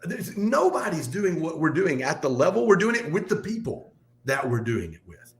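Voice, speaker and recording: A man speaking as a guest in a casual podcast conversation, talking in an animated, fast, motivational way. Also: a little high, gravelly. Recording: echoey room.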